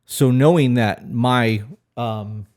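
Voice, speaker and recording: A man's voice: mid-range voice, slow pace, a little mellow. A man co-hosting a podcast, talking frankly and questioningly in casual chat, swearing freely. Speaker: podcast co-host.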